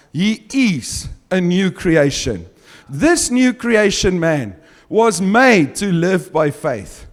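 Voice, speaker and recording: This man, whose native language is Afrikaans, delivers a sermon with deliberate, stressed scripture readings and frequent chuckles between his points. He has a high-sitting voice, captured with long reverb as if in a hall.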